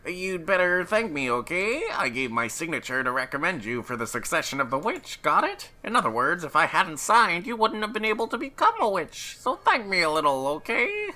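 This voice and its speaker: A man voicing a petulant, childish witch girl in a high, whiny sing-song while reading a visual novel aloud. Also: big pitch swings, moderate pace, hardly any pauses, sharp tone, heavily acted. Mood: bratty. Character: bratty girlish witch, petulant and demanding.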